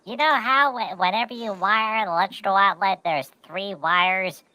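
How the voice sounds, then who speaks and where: A man's voice: high-pitched, moderate pace, pushed and bright, dry recording, low-quality recording. A man co-hosting a casual podcast, telling rambling stories and repeating words as he goes. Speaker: podcast co-host. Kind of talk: casual chat.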